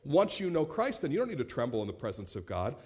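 Animated man preaching a sermon. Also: medium pitch, quick pace. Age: 30s. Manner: animated, acts out quoted voices, repeats words when starting. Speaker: pastor.

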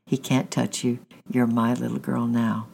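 A man voicing a protective woman who whispers softly and reassuringly to a frightened child. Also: mid-range voice, flat delivery, measured pace, gravelly, slightly rough, exaggerated voice. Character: gentle, protective English woman rescuer.

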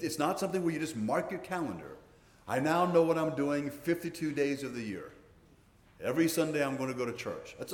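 Older pastor preaching in a reverberant hall. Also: male voice, medium pitch. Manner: earnest, repeats words while preaching. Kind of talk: sermon. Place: church. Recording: roomy church hall reverb.

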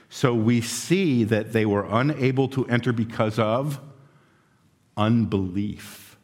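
Brief: man, pastor, slow conversational sermon, long hall reverb. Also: mid-range voice, breathy edge. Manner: conversational storytelling, acts out quotes.

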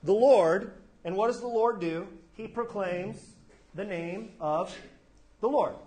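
A man's voice: sits high, unhurried, darkish tone. A man preaching a sermon as pastor, telling the story in a conversational way and briefly acting out the people he quotes. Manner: conversational storytelling, acts out quoted characters casually.

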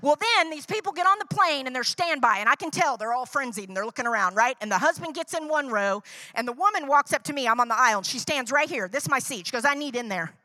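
Her voice sits high, bright and forceful, moving quickly with lively intonation, and the recording is dry. She's preaching through personal anecdotes in a chatty way, asking "right?" as she goes and acting out quoted dialogue.

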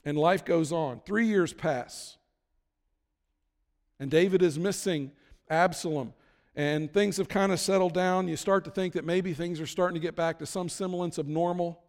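High-voiced man preaching in a reverberant hall. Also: steady tone, moderate pace. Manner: casual retelling with acted-out quotes. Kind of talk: sermon storytelling.

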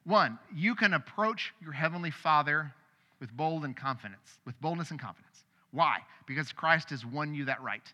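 Middle-aged pastor guy giving a sermon, kinda high voice, chatty with loud bursts, big church echo. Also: normal speed. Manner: conversational, animated preaching with sudden loud outbursts. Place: church sanctuary. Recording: long hall reverb.

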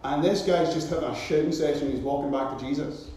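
A man preaching a sermon, retelling a scripture story with animated, repetitive emphasis, recorded in a very echoey hall. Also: fairly high pitch, fast.

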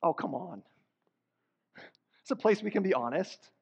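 A pastor preaches in a church sanctuary, earnest and conversational, with emphatic bursts that rise. His high voice is animated and unhurried, gravelly and a little mellow, with a breathy edge. The sound is dull, and the hall adds a long reverb.

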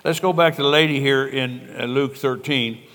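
A man's voice: mid-range voice, steady tone, moderate pace, fairly bright tone. An older man, a pastor, preaching a sermon in an earnest, conversational way and telling stories with quoted dialogue. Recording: long reverb of a large hall.

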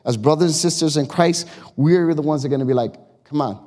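A man's voice: fairly high pitch, fast, darkish tone. A man preaching a sermon as pastor, talking in a conversational, emphatic way and asking the congregation questions. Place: church sanctuary. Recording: long reverb of a church hall.

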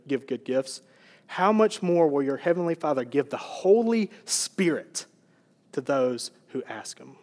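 A man's voice: fairly high pitch, darkish tone. Earnest preacher man, long hall reverb. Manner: earnest, conversational preaching with fillers. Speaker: pastor. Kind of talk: sermon.

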